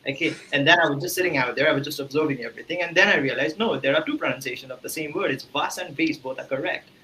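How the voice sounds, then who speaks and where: A man's voice: on the high side, racing, sharp tone, a little hiss or hum, poor audio. A man from India, a guest in an interview, explaining earnestly with examples and fillers. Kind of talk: casual interview talk.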